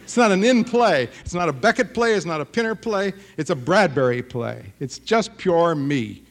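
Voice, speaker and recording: A man in his fifties, a writer giving a lively talk to an audience, animated and feisty and often tagging his remarks with a challenging "huh?". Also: fairly high pitch, normal speed.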